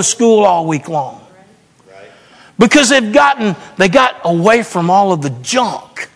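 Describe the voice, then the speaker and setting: A man's voice: high voice, very animated, takes it slowly, creaky, fairly bright tone, big-room sound. A man serving as pastor, delivering a folksy, chatty storytelling sermon.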